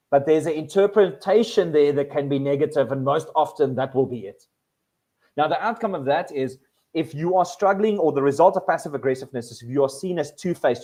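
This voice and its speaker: A man presenting a live workshop in an animated way, often repeating words as he restarts his sentences. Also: on the high side. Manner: animated, acts out quoted people with voice changes.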